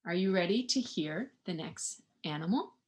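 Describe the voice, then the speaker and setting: A woman reading a picture book aloud to young children in an animated way, asking them questions and imitating animal sounds. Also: on the low side, normal speed. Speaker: children's storybook reader.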